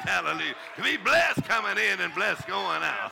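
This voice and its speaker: A man's voice: high voice, lively intonation, moderate pace, creaky, few pauses, a loud crowd, heavy background noise. Exuberant laughing preacher man. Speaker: pastor. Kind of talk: charismatic sermon. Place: church sanctuary with congregation.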